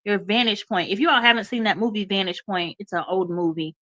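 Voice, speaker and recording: Bright-voiced woman radio host, stuffy. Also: mid-range voice, brisk, lo-fi sound. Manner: encouraging, addresses listeners as y'all, repeats okay. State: a little stuffy, congested. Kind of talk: motivational talk.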